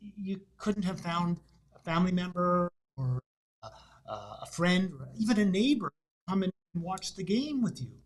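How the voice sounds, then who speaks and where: A man voicing an excited male soccer fan who is indignant about an empty seat at the World Cup final. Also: high voice, moderate pace. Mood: pressing. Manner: indignant, pressing.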